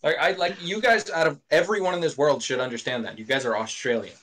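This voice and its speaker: A man's voice: on the high side, steady tone, fast talker, fairly bright tone, a little hiss or hum. A man hosting a podcast in casual chat, joking in a playful, dramatic way. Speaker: podcast host.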